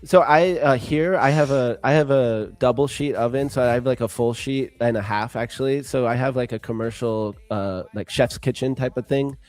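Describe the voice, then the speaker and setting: A man's voice: medium pitch, moderate pace, few pauses, a little mellow, no echo. Easygoing man on a video call. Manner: easygoing, friendly, says "dude" a lot. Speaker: co-host on a livestream. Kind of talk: casual chat on a livestream. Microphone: video call, remote setup.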